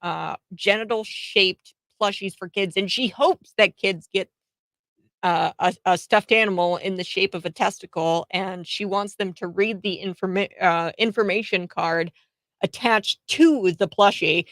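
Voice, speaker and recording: A woman's voice: mid-range voice, a little slow, fairly bright tone, dry recording, low-quality recording. A woman hosting a commentary show, talking in a chatty, sarcastic way with many filler words and short laughs. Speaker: host. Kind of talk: political commentary.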